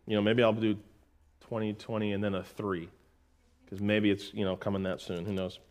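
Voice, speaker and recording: A middle-aged man preaching a sermon in a folksy way, calling listeners "folks" and reading scripture slowly and with emphasis. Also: lowish voice, darkish tone. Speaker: pastor.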